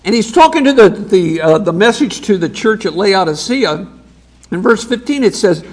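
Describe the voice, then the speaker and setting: A man preaching a sermon as pastor, reading scripture aloud with emphatic pauses. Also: sits high, sing-song.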